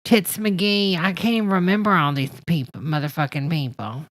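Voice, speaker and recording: A sarcastic woman riffs over a hearing clip with profane, brash asides and a steady stream of "honey." Her voice sits a little low and sounds close and dry, with no room around it. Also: normal speed, dry recording, rough recording. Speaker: host reacting to a hearing clip. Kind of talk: comedic reaction commentary.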